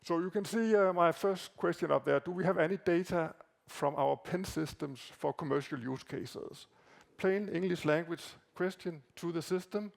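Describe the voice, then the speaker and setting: A man whose first language is Danish gives a conference talk, walking through slides in a halting way with frequent fillers and repeated words. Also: fairly high pitch, gravelly. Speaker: conference presenter. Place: conference hall.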